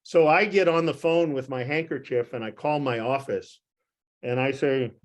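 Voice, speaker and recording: A man's voice: mid-range voice, moderate pace. Older male doctor telling a rambling story. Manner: rambling, self-deprecating storyteller with many restarts and chuckles. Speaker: physician. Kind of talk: anecdote told to a group on a call.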